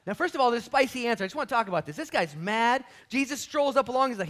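A man pastor teaching a sermon Bible study in a church, animated and casual, with slangy jokes and asides. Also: extremely high pitch, quick pace.

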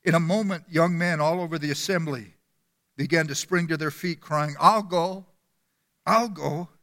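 A man preaches a sermon with earnest storytelling. His voice is high and bright. The church hall gives it a long reverb. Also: fairly even intonation, moderate pace. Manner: earnest storytelling, repeating words.

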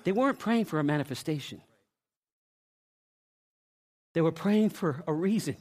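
A middle-aged man preaching a sermon, telling stories dramatically, acting out voices and shouting at the peaks. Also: fairly high pitch, animated, quick pace. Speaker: pastor.

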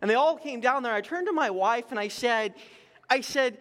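Brief: middle-aged man, pastor, high voice, chatty storytelling sermon, big echoing hall. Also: moderate pace. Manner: conversational, animated storytelling with self-deprecating humor. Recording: long reverb in a large hall.

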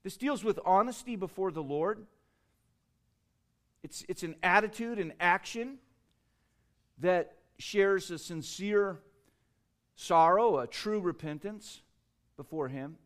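A middle-aged man preaching a sermon as pastor, emphatic, with repeated words and swings between loud and soft. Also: high voice, slow pace, pauses often. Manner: emphatic preaching with repetitions, rising and falling loudness.

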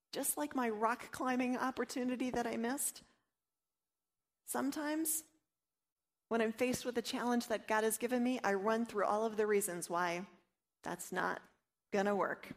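Earnest woman teaching a devotional talk. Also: on the high side. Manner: earnest, personal storytelling with acted inner doubts. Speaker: Bible study teacher.

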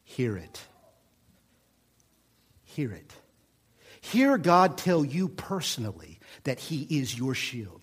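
Slow and husky, a middle-aged Oklahoma pastor with a matching accent delivers a folksy, animated sermon packed with humor and repetition. His voice sits at medium pitch, and he pauses often.

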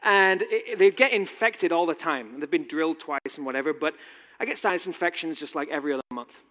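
Speaking fast in a fairly high, somewhat bright voice, a man in his thirties relates a personal story in a talk with wry humor at his own expense. His British accent has a slight American tinge, and long hall reverb fills the recording.

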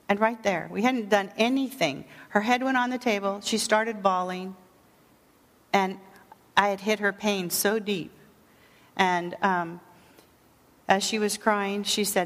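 A woman teaching a sermon on prayer ministry, speaking earnestly and gently with frequent fillers. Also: on the low side, fairly even intonation, moderate pace, in a large hall.

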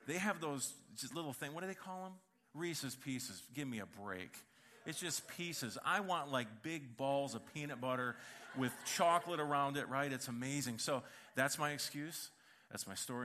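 A middle-aged man preaching a sermon, telling funny family stories in an animated, joking way. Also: medium pitch. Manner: animated storytelling with humor. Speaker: pastor.

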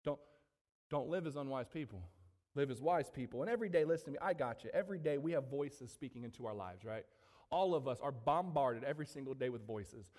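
A man preaching a sermon to his congregation, animated, with frequent asides to the room. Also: medium pitch, brisk, in a large hall. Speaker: pastor. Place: church sanctuary.

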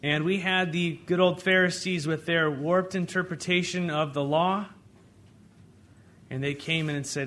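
Man, pastor, casual lively sermon delivery, slightly high-pitched voice, moves from loud to soft. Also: unhurried. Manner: conversational preaching, acts out quoted voices, swings between loud and hushed.

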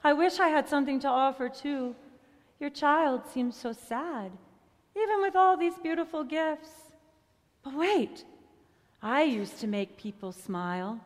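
A woman voicing a poor, gentle old male clown in a storybook reading, in an earnest manner. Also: sits high, expressive, unhurried, big-room sound. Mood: tender.

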